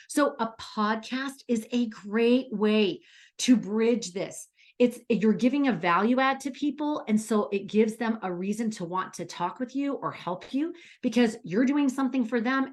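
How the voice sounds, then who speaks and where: A middle-aged woman coaching aspiring speakers in a bubbly, enthusiastic, chatty way, full of stories. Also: mid-range voice. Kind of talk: coaching lesson.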